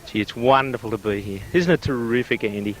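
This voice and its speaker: A man's voice: medium pitch, brisk, slight background noise, lightly acted, low-quality recording. A man doing an impression of a gushing, famous TV football commentator, a bit out of breath. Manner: gushing, effusive praise. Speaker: guest commentator. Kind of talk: comic sports commentary.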